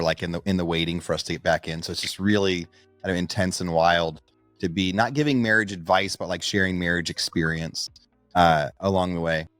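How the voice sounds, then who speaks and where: A middle-aged man with a low voice co-hosts a podcast, recorded dry. He chats casually, telling anecdotes and acting out the voices of the people he quotes.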